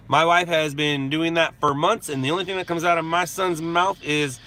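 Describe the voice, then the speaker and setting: A man's slightly high, sharp voice stays steady at normal speed with few pauses as he live streams from a parked spot in a parking lot at sunset. He keeps it laid-back, joking and answering chat questions.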